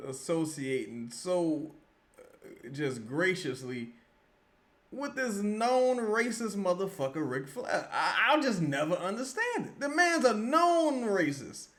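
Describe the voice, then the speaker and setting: A man with a high voice that swings up and down a lot talks bluntly and swears freely. He sounds openly incredulous in casual podcast chat. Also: a bit bright. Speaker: podcast co-host reacting.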